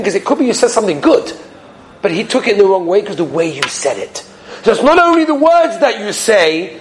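A man giving a conversational storytelling talk, telling anecdotes in an animated way. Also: sits high, a little hiss or hum, poor audio.

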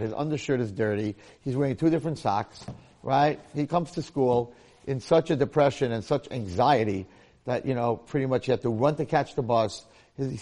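With a mid-range voice and a dark tone, a middle-aged rabbi who has taught for many years leads an informal Torah session. He tells stories, cracks jokes, and voices the characters himself.

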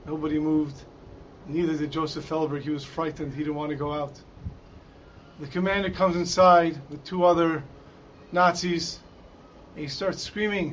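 A man with a high voice tells a Torah story in a dramatic way, calling out the quoted lines. The recording sounds dull and lo-fi, with a faint hiss underneath. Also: fairly even intonation, moderate pace. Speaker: Torah teacher.

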